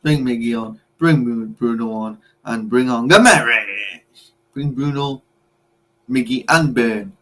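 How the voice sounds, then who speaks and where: A man's voice: medium pitch, unhurried, a bit bright. A young man co-hosting a football watchalong, teasing rival fans in casual, repetitive banter.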